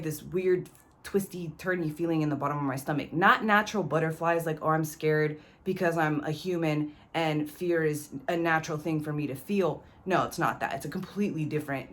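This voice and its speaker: A young woman with a slightly low voice tells a personal story straight to camera. Her delivery is loose and slangy, full of casual curses and asides to the viewer. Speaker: vlogger.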